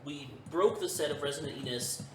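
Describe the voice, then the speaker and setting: A man's voice: on the high side, a little fast. Dry-toned man in an echoey room. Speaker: co-host of a live chat stream. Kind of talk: casual chat. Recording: echoey room with background noise.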